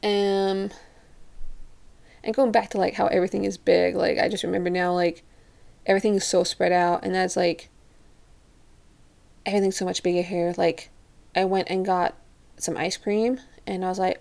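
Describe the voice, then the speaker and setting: A woman's voice: medium pitch, flat delivery, moderate pace, gravelly, long pauses, a little mellow. A young woman from Europe telling a casual story to the camera, chatty and leaning on "like" constantly, acting out what others said. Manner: chatty, says "like" constantly, acts out quotes. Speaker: vlogger.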